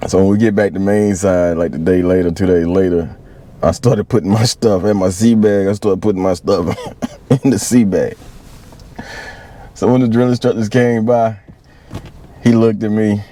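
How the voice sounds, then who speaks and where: A man's voice: on the low side, steady tone, moderate pace, long pauses, warm tone. A man in his forties, a Marine veteran, telling stories casually, laughing often and using slang. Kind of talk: casual storytelling.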